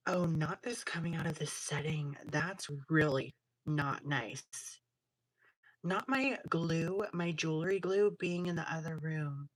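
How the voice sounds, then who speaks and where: A woman's voice: sits low, slow pace, no echo. A woman hosting a casual livestream, chatting in a sassy, slangy way while crafting jewelry. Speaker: livestream host.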